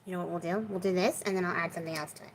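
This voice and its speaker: A woman's voice: fairly low pitch, steady tone, rapid-fire, noisy background. A woman hosting a crafting video, chatting casually and with self-deprecating humor as she works in her home craft room. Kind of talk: casual crafting chat while working.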